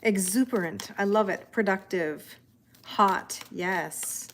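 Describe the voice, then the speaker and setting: A woman's voice: medium pitch, slow, slight background noise. A Canadian woman with a Canadian accent, hosting a tarot livestream in casual chat and greeting viewers by name as she reads their comments aloud.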